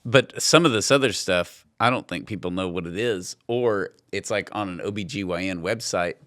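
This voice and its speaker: A man's voice: low-pitched, moderate pace, a bit bright. A man hosting a podcast in casual chat, joking with an incredulous tone. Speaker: podcast host.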